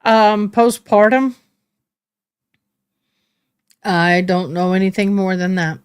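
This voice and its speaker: A woman hosting a live stream, giving casual commentary in a halting way and repeating words when she is moved. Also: mid-range voice, a little hiss or hum.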